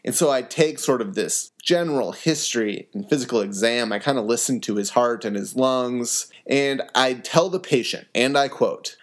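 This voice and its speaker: An earnest young man hosts a medical teaching podcast. He speaks at a middling pitch and tells stories, slipping into the voices of the people he quotes. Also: moderate pace, few pauses. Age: young adult. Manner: earnest storytelling, acts out quoted dialogue. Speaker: podcast host, emergency medicine resident. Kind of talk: educational podcast with a personal story.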